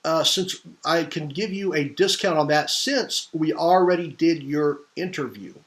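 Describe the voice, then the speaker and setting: A man's voice: on the high side, a little slow, a bit bright. Emphatic man teaching marketing online. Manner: emphatic, questioning the audience, many restarts. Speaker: marketing trainer. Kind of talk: live online marketing class.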